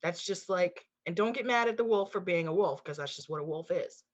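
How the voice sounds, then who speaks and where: Animated woman podcast co-host, lo-fi. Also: lowish voice, brisk. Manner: animated, swears casually, emphatic repetition. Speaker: co-host, intuitive channeler. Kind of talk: casual podcast chat. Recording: dull lo-fi sound.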